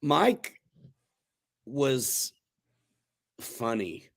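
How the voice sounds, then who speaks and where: A man's voice: mid-range voice, very animated, extremely slow, vocal fry. Laid-back slangy man hosting a livestream. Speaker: host. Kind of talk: casual livestream chat.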